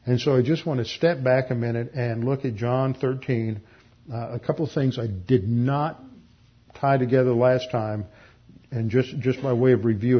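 A man pastor giving verse-by-verse Bible teaching in a measured, explanatory way, slowing down to stress key phrases. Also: medium pitch, husky, dull audio.

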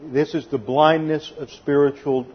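Dull audio carries a man's breathy voice, on the high side, a little slow and fairly even in intonation. He's a pastor giving a methodical expository Bible sermon, reading scripture aloud, explaining Greek grammar and once in a while voicing quotes sarcastically.

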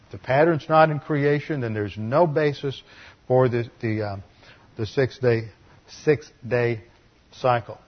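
Male pastor mid-sermon, earnest teacher with dry humor, husky tone, muffled lo-fi sound. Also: mid-range voice, measured pace. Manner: earnest teaching with wry asides. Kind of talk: expository sermon.

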